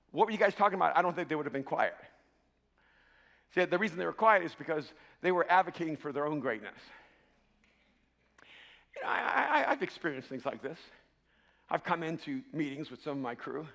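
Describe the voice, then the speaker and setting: A male preacher with a strikingly high, bright voice delivers a sermon, shouting out key lines and then dropping to near whispers. He doubles words as he starts sentences, and a long reverb trails his voice. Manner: swings from loud shouting to hushed asides. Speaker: pastor.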